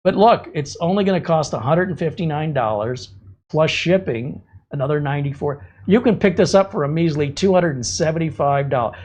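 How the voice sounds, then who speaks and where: A man's voice: on the high side, animated, a little fast, darkish tone. A man hosting a casual livestream, ranting with exasperated sarcasm. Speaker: livestream host.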